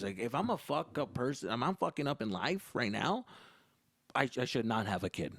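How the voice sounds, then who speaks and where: A man from Arizona, a comedian, telling profane, animated stories in a casual podcast monologue. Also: medium pitch, brisk, no room sound, studio quality.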